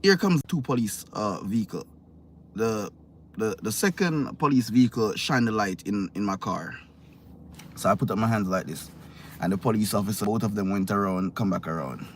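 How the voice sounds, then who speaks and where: Low-voiced man recounting from his car. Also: slight background noise. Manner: halting, repeats words and restarts. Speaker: vlogger. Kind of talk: casual storytelling to camera. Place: parked car at night.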